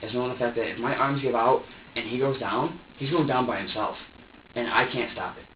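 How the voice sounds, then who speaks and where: Speaking a little fast at medium pitch, a man under police questioning rambles anxiously, repeats himself, and keeps restarting sentences in his interrogation statement. Captured in an interview room by a far-off room recorder, the audio is roomy, distant, dull, and lo-fi with a faint hiss.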